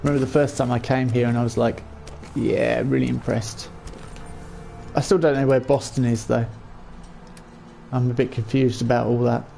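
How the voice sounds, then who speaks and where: A man's voice: medium pitch, little pitch movement, moderate pace, creaky, long pauses, mellow, faint music behind. A man giving casual, chatty let's-play commentary while gaming, often chuckling and talking to his chat. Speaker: gaming streamer.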